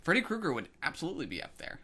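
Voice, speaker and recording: A man's voice: fairly high pitch, wildly swooping pitch, very fast, crowd noise. A man co-hosting a podcast, talking casually about films in a hesitant way, with many ums and restarts. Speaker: podcast co-host. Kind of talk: casual film discussion.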